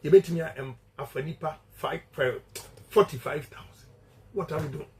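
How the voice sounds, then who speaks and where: Over a rough recording, a man addresses a crowd of supporters in a voice on the high side, speaking at a moderate pace with a Ghanaian accent. He mixes Twi with English, delivering his campaign message emphatically and declaiming the same key points again and again.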